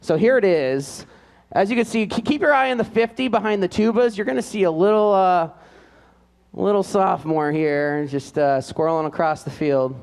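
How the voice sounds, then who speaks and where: At a live school band event, a man announces the seniors, reading their notes aloud with fillers and light joking asides. His voice sits high, with vocal fry and a darkish tone, at normal speed. A long hall reverb fills the recording.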